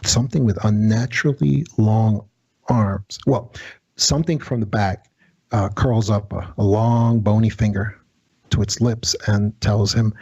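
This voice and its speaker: A man, a radio show guest, telling an eerie true-life story in a halting, dramatic way. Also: lowish voice, fairly even intonation, warm tone, slightly rough, dry recording, dull audio. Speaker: guest, former federal agent.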